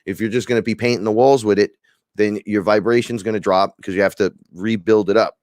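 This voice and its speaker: A man hosting a casual spiritual podcast chat, animated and profane, acting out imagined back-and-forth dialogue. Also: on the low side, fairly quick, dry recording, clean studio sound. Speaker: podcast host.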